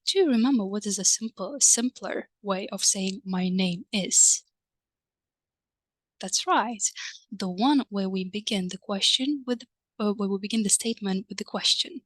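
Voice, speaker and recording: A woman teaching a recorded online language lesson, patient and explanatory, checking in with her viewers through little prompts and soft hums of agreement. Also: mid-range voice, measured pace, no room sound.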